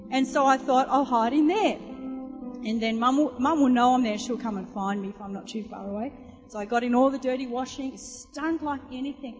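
With a high-pitched voice that carries a big-room sound, a woman preaches a sermon. She tells stories in a chatty way and asks the congregation questions.

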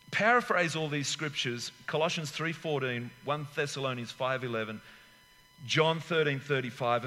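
A pastor in his sixties preaches with a fairly high, sharp and forceful voice, emphatic and full of rambling asides. His sermon rings out through a hall with a long reverb. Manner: emphatic, rambling asides, acts out little scenes.

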